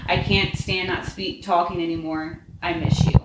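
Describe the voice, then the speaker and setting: A woman voicing a nervous, tearful young witch pouring out a rushed confession, in a roomy room. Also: lowish voice, little pitch movement, heavy background noise, lightly acted. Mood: anxious.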